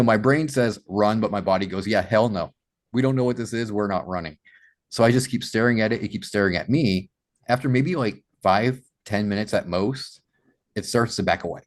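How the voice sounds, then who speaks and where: A man with a fairly low speaking voice tells a long personal story as a podcast guest. He grew up in Massachusetts and speaks with animated energy, leaning on "you know" as he goes. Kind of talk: storytelling in an interview.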